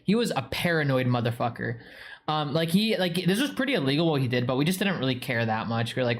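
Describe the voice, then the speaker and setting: A man's voice: medium pitch, big pitch swings, quick pace, a little hiss or hum. A young man with a New England accent chatting casually on a stream, rambling, full of "like" fillers and swearing. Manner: rambling, heavy use of "like" and swearing. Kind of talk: casual live-stream chat reading viewer comments.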